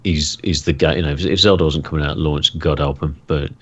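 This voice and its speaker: A man with an extremely deep, husky voice chats on a gaming podcast. He talks haltingly, restarting his sentences and filling the gaps. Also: fairly even intonation, lo-fi sound. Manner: halting, many restarts and fillers. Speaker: podcast co-host. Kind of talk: casual chat.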